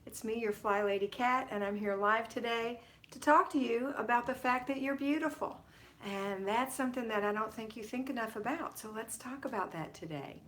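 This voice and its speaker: A woman's voice: on the high side, moderate pace. Woman livestream host greeting viewers. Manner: warm, affectionate greetings to viewers by name. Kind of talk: casual live-stream chat.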